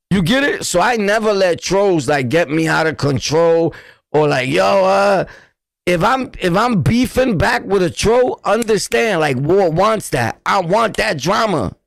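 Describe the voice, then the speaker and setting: A man's voice: sits high, vocal fry, no echo. A man with a New York accent hosting a casual livestream, talking bluntly in repetitive street slang. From New York City. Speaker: livestream host.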